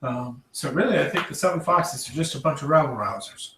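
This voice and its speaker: A man voicing a proud female dwarf barkeep with a merchant's outlook, in a halting way full of fillers. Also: a little high, pushed and bright. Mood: matter-of-fact. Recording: roomy, distant mic, faint noise.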